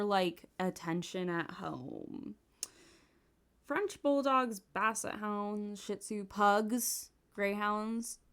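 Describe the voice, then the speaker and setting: A young adult woman giving casual, bubbly commentary while playing a life-sim game, gushing with quick asides and giggles. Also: medium pitch, creaky. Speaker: gaming YouTuber.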